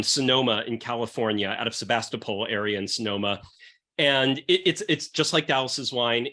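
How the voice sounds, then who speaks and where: Mid-range and pushed, with a bright quality, this male podcast host talks wine loosely and with plenty of profanity. His show pairs wines with comics in a casual chat.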